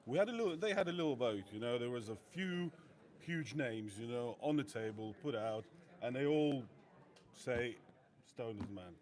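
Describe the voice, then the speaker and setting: A man's voice: mid-range voice, lively intonation, normal speed, a little mellow. Guy, cocky, broken english, swears a bunch. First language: Lithuanian. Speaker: fighter guest.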